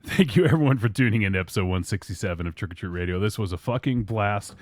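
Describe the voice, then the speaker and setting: A man's voice: low-pitched, fast, no echo, clean studio sound. A man hosting a podcast, wrapping up with a loose, jokey, swearing style of casual chat. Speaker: podcast host.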